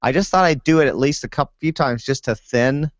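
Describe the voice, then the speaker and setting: A man's voice: medium pitch, dry recording. A man, a guest, chatting casually and telling personal stories, often stopping and restarting his sentences. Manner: halting, storytelling with many restarts. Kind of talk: casual chat. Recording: dull, dry lo-fi sound.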